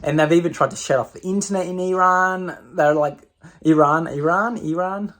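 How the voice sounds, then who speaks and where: A man's voice: sits high, fairly even intonation, brisk, a bit bright. Blunt Australian man ranting on a vlog. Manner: blunt, ranting, swears freely, frequent ums. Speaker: channel host. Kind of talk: casual opinion vlog.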